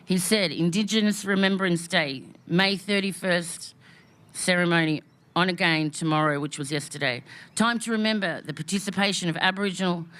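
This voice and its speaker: This Australian woman's voice is on the low side and a bit bright, moving at normal speed. She's welcoming people to an outdoor memorial gathering, her speech emotional and heartfelt and built on rhythmic repetition.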